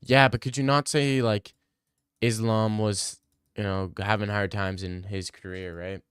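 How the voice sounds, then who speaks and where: A man's voice: fairly low pitch, steady tone, unhurried, a bit bright, clear, resonant tone, no room sound, clean studio sound. A man hosting a casual livestream Q&A, arguing bluntly with chat and swearing freely. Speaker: livestream host answering chat.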